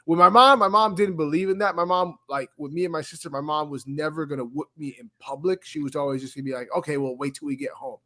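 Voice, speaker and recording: A man with a slightly high voice tells animated childhood stories in a casual podcast chat. He often laughs through his own anecdotes. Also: fast talker, few pauses. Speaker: podcast co-host.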